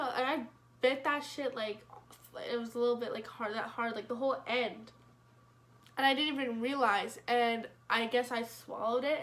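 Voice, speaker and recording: A young woman vlogger telling a storytime in a rambling, casual way, full of fillers and swearing, with wry self-mockery. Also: on the high side.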